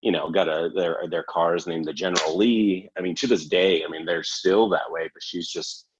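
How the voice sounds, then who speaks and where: A man's voice: deep voice, fairly even intonation, moderate pace, muffled recording, noisy background. A man hosting a casual chat, rambling and self-correcting and laughing often. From Canada. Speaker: podcast host.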